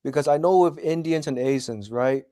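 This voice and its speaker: A man's voice: fairly high pitch, normal speed, mellow, no room sound, studio quality. A man chatting casually on a livestream, asking questions and repeating himself.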